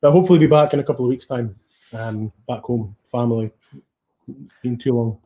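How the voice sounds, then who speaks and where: A man's voice: mid-range voice, brisk, warm tone. A Scottish man telling stories as a guest in a casual radio interview, rambling with many restarts. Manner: rambling, full of restarts and fillers. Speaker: guest musician.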